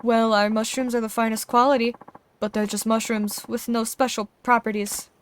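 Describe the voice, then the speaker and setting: Girl doing a fast-talking polite mushroom shop guy, kinda high, faint hum behind. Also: flat delivery, lightly acted. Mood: apologetic.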